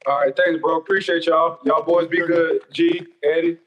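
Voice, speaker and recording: A man, a former player, guesting on a casual podcast, talking in a relaxed, grateful, rambling way with many restarts. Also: a little high, moderate pace, muffled recording.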